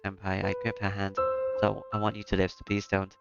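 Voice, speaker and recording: A man reading a gentle devoted young man. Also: deep voice, completely flat delivery, brisk, gravelly. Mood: tender. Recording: lo-fi with loud music behind.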